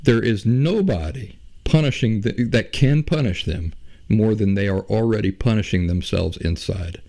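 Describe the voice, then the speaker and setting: A man with a fairly low, gravelly voice talks on his own as host of a show. His tone is mellow and dark rather than bright. He explains step by step, answers his own rhetorical questions and repeats key phrases for emphasis. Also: lively intonation, normal speed. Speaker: podcast host. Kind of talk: solo talk on emotional health.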